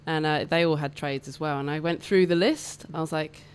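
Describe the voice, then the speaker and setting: A woman's voice: sits low, fairly even intonation, fairly quick, clean tone. A British woman in her thirties, a podcast guest telling her story in candid, chatty conversation with easy laughter in a radio studio. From United Kingdom. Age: 30s. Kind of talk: casual interview chat.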